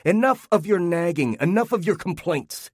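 A man voicing an angry, bitter father who shouts and sneers, in a dry recording. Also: medium pitch, big pitch swings, normal speed, no room sound, voice pushed up. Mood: furious.

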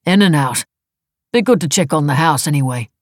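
Woman reading a curt evasive older husband, clipped lines, husky low voice. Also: expressive, brisk, darkish tone, dry recording, clean studio sound.

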